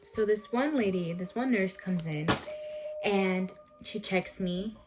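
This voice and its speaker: A woman's voice: mid-range voice, slow, music in the background. A young woman in a home vlog, recounting a personal story in a chatty, emphatic way and repeating words for effect. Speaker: vlogger.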